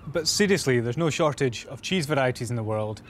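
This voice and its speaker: A man's voice: mid-range voice, lively intonation, fairly quick, a little hiss or hum. A young man presenting a Gaelic learning show, cracking puns in a playful, upbeat manner. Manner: punning, jokey, upbeat. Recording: music bed behind voice.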